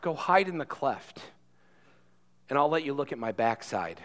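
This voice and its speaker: A man preaching a sermon who swings between quiet asides and loud emphatic passages, repeating words as he builds. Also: medium pitch, very animated, normal speed. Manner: repeats and restarts words when worked up. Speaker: pastor.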